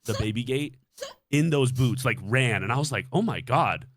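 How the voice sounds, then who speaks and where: Animated young man telling a dating story. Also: mid-range voice, normal speed, dry recording, clean studio sound. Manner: animated, swearing, acts out his own reactions. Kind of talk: casual storytelling on a stream.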